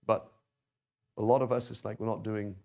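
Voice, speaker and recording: Gravelly man teaching a class. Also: lowish voice, little pitch movement, moderate pace, warm tone. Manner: conversational, rhetorical questions, frequent "right?". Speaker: Arabic teacher. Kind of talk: informal class lecture.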